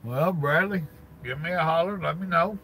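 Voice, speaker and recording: Folksy older man, gravelly. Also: a little high, moderate pace, sharp tone, slight background noise, rough recording. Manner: folksy, drawling, greets chat by name. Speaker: truck driver live-streamer. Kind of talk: casual live stream chat with viewers. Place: parked truck cab.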